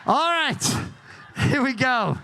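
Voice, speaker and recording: A man's voice: very high-pitched, animated, takes it slowly, pushed and bright, a little hiss or hum. A man hosting a game show, joking and teasing the contestants and laughing often. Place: cruise ship show lounge.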